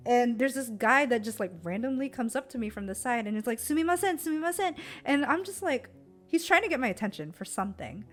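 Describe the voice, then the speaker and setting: A young American woman streamer chatting casually about a trip, giggly and full of fillers. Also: on the high side. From United States.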